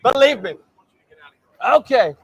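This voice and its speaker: A man's voice: extremely high pitch, very animated, slow, slightly rough, no room sound, muffled recording, full character voice. A young man doing an impression of a boastful older male president, repeating and stretching his words. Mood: smug. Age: young adult. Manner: repetitive boasting, stretched emphasis.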